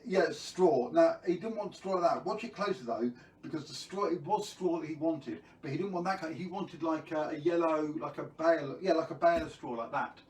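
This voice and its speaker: A man's voice: fairly high pitch, fairly quick, a little mellow, echoey room, recorded from a distance, rough recording. A man telling a children's story on a live stream, playful and jokey, who keeps quizzing his viewers.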